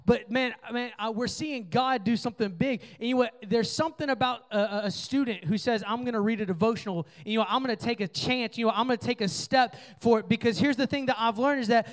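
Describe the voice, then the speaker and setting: A young man with a high-pitched voice delivers a youth sermon. He talks earnestly and casually, filling his speech with asides and restarts as he addresses the students directly. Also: fast talker, few pauses. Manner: earnest, conversational preaching with many fillers. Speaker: youth pastor.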